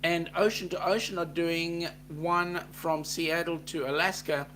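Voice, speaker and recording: A man's voice: fairly high pitch, fairly even intonation, a little slow, a bit bright, slight background noise. A man with an Australian accent co-hosting a casual livestream chat, reading out viewer comments with a joking, teasing manner.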